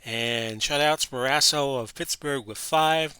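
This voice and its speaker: Bright-voiced Florida man reading stats. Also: medium pitch, unhurried, no room sound. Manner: chatty, reading off stats with self-corrections. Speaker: host of sports simulation channel. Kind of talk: casual play-by-play of a simulation game.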